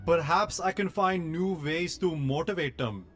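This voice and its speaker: Parody dub: a man as a menacing Indian-accented dark lord, deadpan and commanding, a little high. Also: soft background music. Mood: imperious. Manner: slow, imperious, deadpan threats. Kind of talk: parody dub of a film scene.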